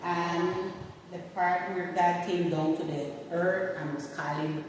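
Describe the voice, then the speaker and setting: A woman with a Nicaraguan Creole English accent explains things animatedly, as a teacher would. She sounds far from the microphone, and her voice rings through a large, echoing hall. A steady hum of background noise sits underneath. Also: on the low side, slow pace. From Bluefields, Nicaragua. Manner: animated storyteller, acts out quoted speech. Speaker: museum staff member and English teacher. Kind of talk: casual interview. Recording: echoey hall, distant mic, background noise.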